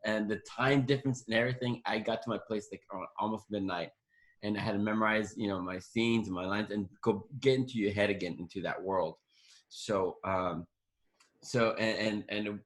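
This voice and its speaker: A man in his forties, a guest actor telling a long story in an interview, restarting sentences and acting out what people said. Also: lowish voice. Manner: rambling, restarts often, acts out quoted dialogue.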